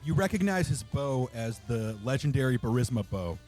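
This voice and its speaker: A man's voice: medium pitch, big pitch swings, normal speed, music in the background. A man at a tabletop game, adding lore in a mock-solemn way. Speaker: player. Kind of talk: casual tabletop game chat.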